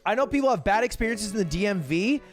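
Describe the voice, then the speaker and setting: A man's voice: high-pitched, lively intonation, quick pace. A young man telling a story as a streamer, in a profane, exasperated and comic way. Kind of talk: animated storytelling.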